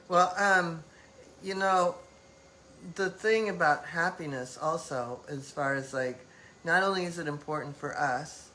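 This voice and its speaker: Woman host, reflective live-stream talk, bright forceful tone, lots of fillers. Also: sits low, a little hiss or hum, poor audio. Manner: reflective, loose phrasing with many fillers.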